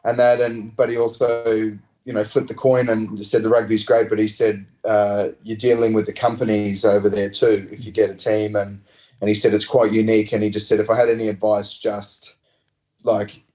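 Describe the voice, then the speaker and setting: Australian man, casual rugby yarns, low-ish voice, loose rambling delivery. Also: moderate pace, rough recording. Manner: rambling, relaxed, slangy anecdotes. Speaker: interview guest, former rugby player. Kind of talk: casual storytelling.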